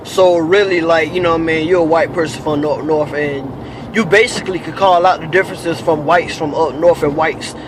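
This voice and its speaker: Measured cab driver summing up. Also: male voice, a little high, fairly even intonation. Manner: measured, summing up, filler-heavy. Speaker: taxi driver recording the show. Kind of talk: commentary on a recorded chat. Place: inside his taxi cab. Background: road noise.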